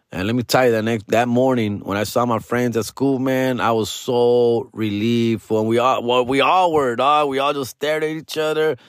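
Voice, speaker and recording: A middle-aged man with a lowish voice casually tells a story on a podcast, his English full of slang and sprinkled with Spanish words. He calls the listener "fool" and "dog." The recording is dry and studio quality.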